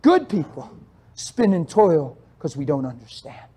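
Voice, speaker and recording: A man preaching as a pastor, impassioned and pleading, firing off rhetorical questions and swinging between hushed, quiet passages and loud outbursts. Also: fairly high pitch, sing-song, breathy edge. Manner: asks rapid rhetorical questions. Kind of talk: sermon.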